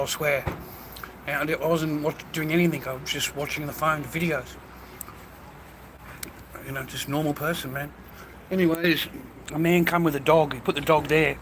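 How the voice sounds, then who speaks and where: A man's voice: on the high side, steady tone, normal speed, long pauses, fairly bright tone, a little hiss or hum. Rambling man in the street. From Australia. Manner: rambling, profane, blokey. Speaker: vlogger. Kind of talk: casual street vlog. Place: outdoors by a street, food stall.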